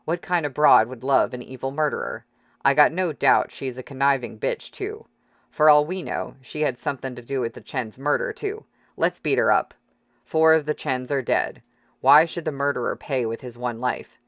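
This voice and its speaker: A reader voicing a crude, jeering man in a crowd who talks in rough slang, in an audiobook. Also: medium pitch, moderate pace, a bit bright, dry recording, close to an everyday voice. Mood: goading. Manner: sneering, rough slangy talk.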